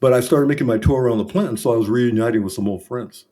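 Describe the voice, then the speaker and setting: Middle-aged guy on a podcast, warm soft voice, owning up to his mistakes, thoughtful. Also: medium pitch, fast talker. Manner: reflective, earnest, self-critical. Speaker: business consultant, podcast guest. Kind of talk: candid conversational storytelling.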